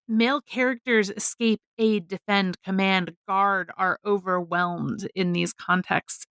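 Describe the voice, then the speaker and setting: Podcast co-host, woman; gravelly, crisp and bright; scholarly delivery, dry close mic. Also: on the low side, no echo. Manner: scholarly and measured, slow deliberate emphasis. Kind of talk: reading prepared notes, podcast discussion.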